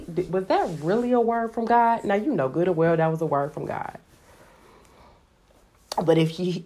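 A woman giving casual devotional Bible teaching in a chatty, animated way, often using "like". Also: low-pitched. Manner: chatty, animated, heavy use of "like".

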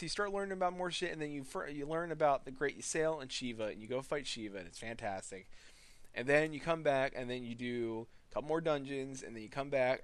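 Young male gamer with a high voice, profane and sarcastic, recapping a story to friends, recorded dry. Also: fairly bright tone, no echo. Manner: crude, laughing, sarcastic, full of swearing. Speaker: gamer recapping a game's story for his guild. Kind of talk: casual profane rant.

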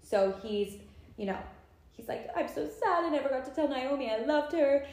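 A young woman co-hosting a podcast, recapping a novel in a casual, animated way and acting out the characters' lines. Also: high voice, moderate pace, reverberant. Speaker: podcast co-host. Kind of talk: casual chat.

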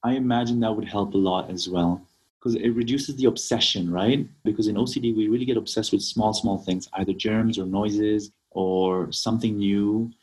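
A man's voice: lowish voice, fairly even intonation, moderate pace, darkish tone, husky, low-quality recording. A man from Kenya, a naturopathic doctor, explaining remedies as an interview guest and often checking in with "right?". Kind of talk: casual interview talk.

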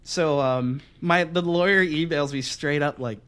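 A young man in his twenties co-hosting a podcast, telling a long profane story in a casual, animated way and laughing as he goes. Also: a little high, a little slow, clear, resonant tone. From Pennsylvania. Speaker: podcast co-host.

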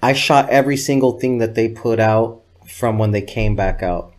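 A man who works as a videographer tells casual, profane stories as an interview guest, loose and rambling, with quoted lines of dialogue. His voice runs on the low side at a moderate pace.

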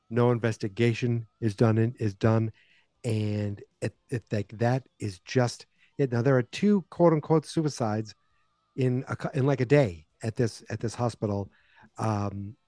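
A man's voice: mid-range voice, mellow, dry recording. A man in his forties, a podcast host casually retelling a movie plot with wry asides.

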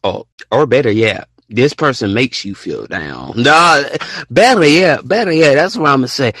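Bright-voiced young man rambling casually. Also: mid-range voice, very animated, normal speed, breathy edge, no room sound. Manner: rambling, repeats words, acts out texting conversations. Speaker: podcast host. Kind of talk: casual solo podcast talk.

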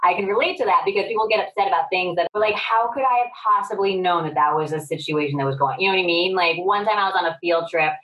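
A woman comedian talking casually on a podcast, chatty and animated, with lots of "like" as she tells stories. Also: on the low side, fast, hardly any pauses, recorded from a distance, highs cut off. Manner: chatty, heavy use of "like", animated storytelling. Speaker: comedian and guest.

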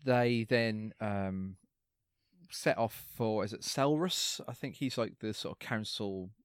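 Man, lowish voice, rambling recap, fillers, dry close sound. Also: slow, smooth, no room sound. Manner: rambling, hesitant, many fillers. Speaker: podcast co-host recapping an episode. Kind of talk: casual recap chat.

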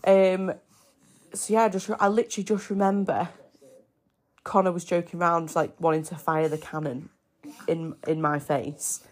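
A young woman telling a personal story on her podcast in a chatty, excitable way. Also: fairly low pitch, normal speed, long pauses. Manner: chatty, excitable, breaks off to coo at her baby. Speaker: podcast host. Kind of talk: casual storytelling.

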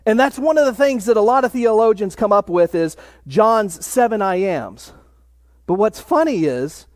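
A middle-aged man preaching a sermon, stressing key phrases by slowing right down. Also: high voice, a little mellow, no echo, clean studio sound. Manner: emphatic, slows down on key phrases. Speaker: pastor.

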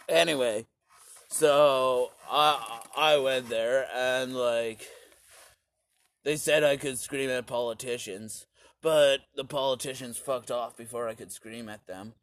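A young man telling a crude, sarcastic comic story in rambling bursts, sometimes shouting. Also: medium pitch, no echo. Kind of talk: rambling comedic storytelling rant.

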